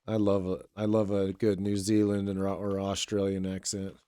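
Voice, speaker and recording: A young man streaming and chatting casually with viewers in a relaxed, rambling way, his voice a little raw today. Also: low voice, normal speed, clear, resonant tone, no echo, clean studio sound. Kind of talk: casual live-stream chat.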